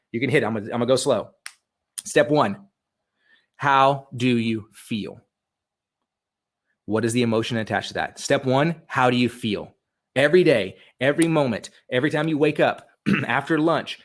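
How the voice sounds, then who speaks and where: A man giving an energetic motivational webinar talk from home, repeating questions to coach his listeners. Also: mid-range voice. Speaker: webinar speaker. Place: home room with a dog.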